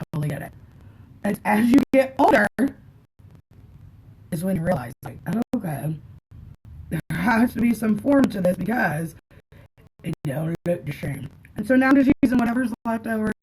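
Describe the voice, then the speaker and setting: A woman's voice: medium pitch, darkish tone, breathy edge, low-quality recording. Chatty woman giving a makeup tutorial. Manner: chatty, friendly, talks to viewers as she works. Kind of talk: casual makeup tutorial chat, live with viewers.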